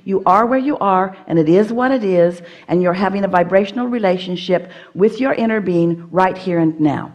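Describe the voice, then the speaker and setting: Female seminar speaker, mid-pitched, firm and playful, guides an audience member sentence by sentence. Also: normal speed, hardly any pauses, darkish tone, lo-fi sound. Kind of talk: live seminar teaching, speaking as "we".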